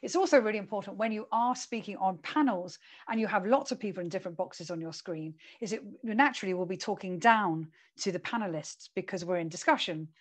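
A woman who runs a communications consultancy speaks straight to a webcam, watching herself on screen, giving emphatic coaching tips on presenting. Her medium-pitched voice deliberately alternates between lively, energetic stretches and quieter, slower ones.

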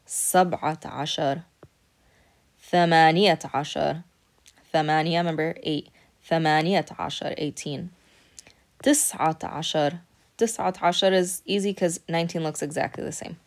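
A woman's voice: sits low, vocal fry. A woman teaching a recorded Arabic lesson, patiently explaining step by step and checking in with frequent "okay".

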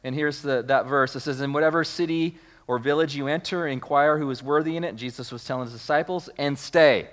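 A pastor delivering a sermon in a fairly high male voice. He reads the scripture out, then builds his point by repeating key words and stopping to restart phrases. He calls on the congregation to say lines with him. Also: fairly quick, hardly any pauses, a bit bright.

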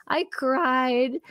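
A woman co-hosting a podcast, telling a story in casual chat, animated and laughing often as she acts out what people said. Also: high voice, no echo. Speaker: podcast co-host.

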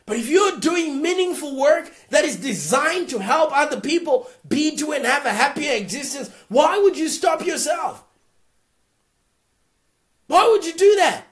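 A woman with a high voice hosts a live Q&A advice show. She speaks bluntly and with force, often pushing her voice close to a shout. She keeps checking in with her listeners. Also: lively intonation, unhurried. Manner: blunt, emphatic, often raising voice to a near shout; keeps checking in with "all right?". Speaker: host.

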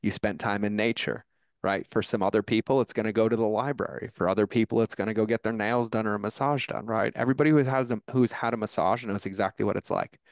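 Male podcast guest, low register, animated and emphatic delivery, dry close recording. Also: dry recording. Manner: animated storyteller, quick and emphatic. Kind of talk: casual conversation.

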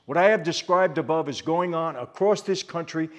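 A man's voice: on the high side, normal speed. An older man hosting his channel, giving impassioned, emphatic commentary to camera. He repeats phrases for force and calls out to viewers as "people.". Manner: addresses viewers directly as "people". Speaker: channel host.

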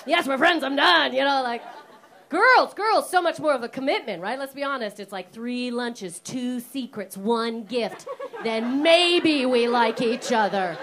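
A woman in her thirties works a comedy club crowd with brash, sweary teasing. Her voice sits high. A faint noise runs under the live stage mic. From Canada. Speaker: stand-up comedian. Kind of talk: stand-up comedy with crowd work.

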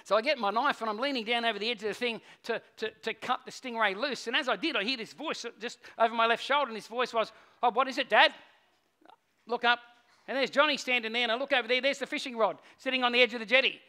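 Aussie pastor guy, middle-aged, preaching a story, goes from quiet to really loud, pretty high bright voice. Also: quick pace. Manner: storytelling, swings from hushed to shouting. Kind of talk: sermon.

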